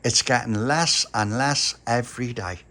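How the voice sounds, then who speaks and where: A man's voice: mid-range voice, measured pace, bright, forceful tone. A man voicing a jokey little boy neighbour, telling a children's story. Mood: teasing.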